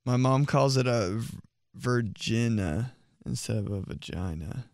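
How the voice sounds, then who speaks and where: A man's voice: mid-range voice, expressive, moderate pace, creaky, a little mellow, dry recording, clean studio sound. A young man reading out viewer messages for a comedy vlog, mock-outraged and swearing, laughing often. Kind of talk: casual comedic commentary.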